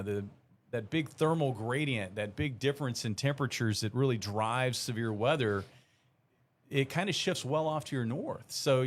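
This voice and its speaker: A man working as a meteorologist on a live weather broadcast. He explains the seasonal outlook in a rambling, relaxed way, with plenty of fillers. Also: mid-range voice.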